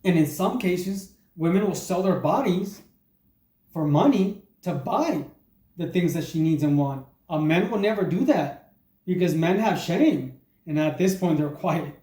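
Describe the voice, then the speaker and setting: Deadpan man in his forties, echoey room. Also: a little high. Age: 40s. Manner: deadpan, crude, halting with fillers. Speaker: comedian. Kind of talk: stand-up comedy monologue.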